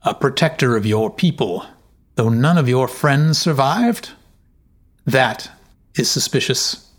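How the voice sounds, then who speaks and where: A man's voice: mid-range voice, animated, slow. A man reading as a suspicious proud chieftain. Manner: accusing, commanding. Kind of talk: storybook reading.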